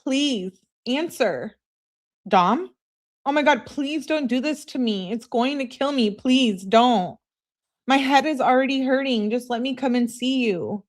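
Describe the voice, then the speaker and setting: A woman reading aloud as a pleading teenage girlfriend who begs again and again, her voice raised higher than her own. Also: a little slow. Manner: high, breathless pleading with repeated begging.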